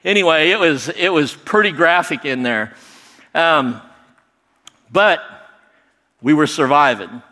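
A middle-aged man telling a personal story in a lively, animated way, acting out other people's lines. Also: fairly high pitch, takes it slowly, pauses often. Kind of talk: personal story told to an audience. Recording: long hall reverb.

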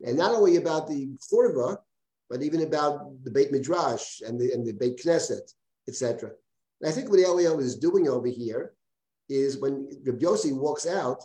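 A rabbi teaching a text study class, reading a passage aloud and translating it line by line. His man's voice is soft and mellow, and he often stops to repeat a word as he explains. It comes through roomy video-call audio with plenty of echo. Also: mid-range voice, animated. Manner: halting, repeats words while translating and explaining.

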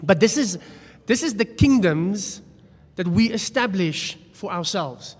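Pastor telling stories in a sermon, chatty, pokes fun at himself, big hall echo. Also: male voice, high-pitched, lively intonation, unhurried, slightly rough. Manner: storytelling, conversational, self-deprecating. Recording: long hall reverb.

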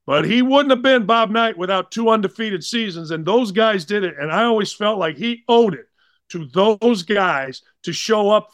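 A man in his sixties telling blunt, animated sports stories as a podcast guest. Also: high voice, no room sound. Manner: blunt, animated, slangy anecdotes. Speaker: guest, former college basketball player. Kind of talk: casual storytelling.

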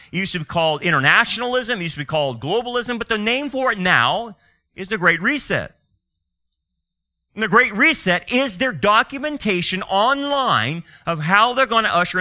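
A male pastor delivers a fiery sermon, pressing his points with rhetorical questions and sarcastic asides. His voice is bright and edgy, and it swings widely in pitch, sitting a little above the usual range for a man.

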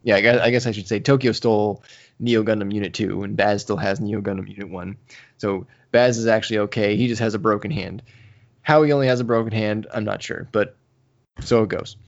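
Male podcast co-host, casual and animated, voices characters while retelling; dull lo-fi recording. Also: lowish voice, a little fast. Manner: animated storytelling, acts out characters' lines. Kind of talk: casual chat recapping a manga. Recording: slightly dull lo-fi audio.

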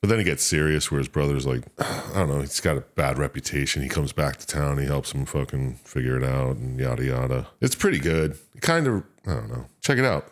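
A man with an extremely low, deep voice chats on a gaming podcast. He is laid-back, swears casually and laughs a lot between stories. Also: animated, a little fast, hardly any pauses. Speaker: podcast co-host. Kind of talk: casual chat.

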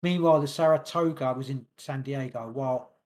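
A man hosting a podcast, reading long passages from his notes quickly and stumbling over words now and then. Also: medium pitch, a little mellow. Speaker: podcast host. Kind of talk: casual podcast chat, reading notes aloud.

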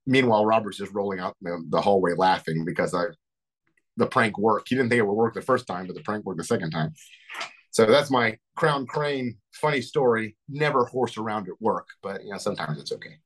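A man's voice: on the low side, brisk, rough recording. A zookeeper guest on a podcast interview, a man giving earnest, motivational advice through a long told story. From Texas.

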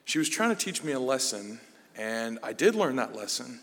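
A man giving a conversational sermon as a Bible study teacher, telling stories about himself with a self-deprecating, relaxed manner. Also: mid-range voice, moderate pace, big-room sound.

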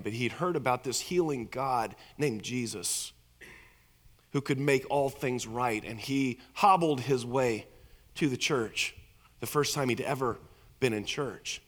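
A man's voice: medium pitch, a little slow. A middle-aged man preaching a storytelling sermon in a church, earnest and repeating words as he builds emphasis. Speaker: pastor. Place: church sanctuary. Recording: echoey hall reverb.

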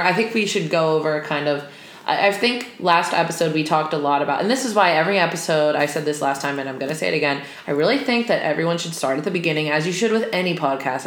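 A young woman co-hosting a podcast, chatty and playful, recorded in a sparse apartment. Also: deep voice. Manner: chatty and playful, rambling with fillers. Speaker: podcast co-host. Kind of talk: casual podcast chat. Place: sparse, empty apartment room. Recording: echoey empty room.

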